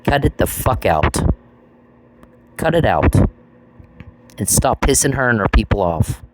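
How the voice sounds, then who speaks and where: In a measured pace with big pitch swings at medium pitch, a man swears at one person and keeps restating his accusations in an angry monologue. Noise and clicks run through the recording.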